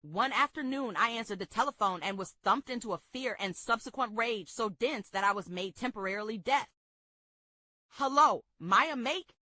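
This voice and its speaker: A woman reading a memoir aloud at a book club in a steady, expressive way. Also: on the high side, no room sound.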